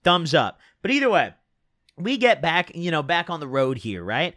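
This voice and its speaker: Lively bright-voiced young man rambling. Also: on the high side, moderate pace, no room sound, studio quality. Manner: rambling slangy storytelling with many fillers. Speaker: storytelling vlogger. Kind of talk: casual storytime monologue.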